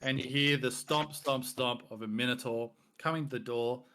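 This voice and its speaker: A man narrating as game master, describing scenes in a relaxed, loose way. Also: mid-range voice, moderate pace, a little hiss or hum. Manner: relaxed, loose, many fillers.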